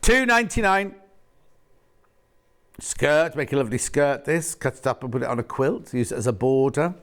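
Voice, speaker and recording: A man's voice: medium pitch, lively intonation, moderate pace, a bit bright. A man presenting fabrics on a live home-shopping show, chatting and rambling between asides as he reads out prices. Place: TV studio.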